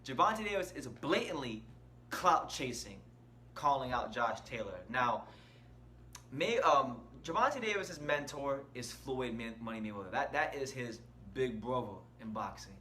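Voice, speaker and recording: A man hosts a casual boxing channel from an indoor room with shirts on the wall, giving opinionated commentary and stressing key words. His mid-range voice is bright and forceful, with lively intonation at a moderate pace. There's a little hiss or hum.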